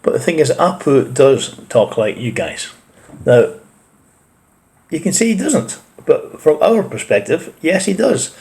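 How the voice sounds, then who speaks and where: A man's voice: fairly high pitch, sing-song, unhurried, creaky, a little mellow, slight background noise. A man with a Scottish accent gives blunt, opinionated casual commentary as a reaction video host, with mild swearing. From Scotland.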